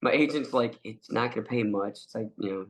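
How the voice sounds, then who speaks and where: A man's voice: on the low side, a little fast. A man with a cold, a guest actor telling a story in casual chat, laughing often and acting out the quotes. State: has a cold.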